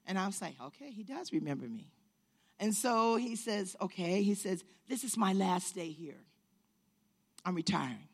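A woman telling a story to an audience, acting out the people she quotes and rising to shouts at times. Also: medium pitch.

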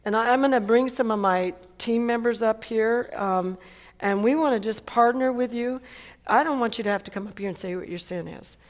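A woman's voice: a little high, normal speed. A woman preacher delivering an emphatic sermon, repeating phrases and asking "Amen?" often. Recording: long hall reverb.

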